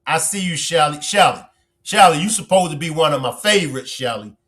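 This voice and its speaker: A man hosting a casual livestream, reading and teasing viewers' comments in an animated way, stretching words for emphasis. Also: fairly high pitch, a little fast. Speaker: livestream host.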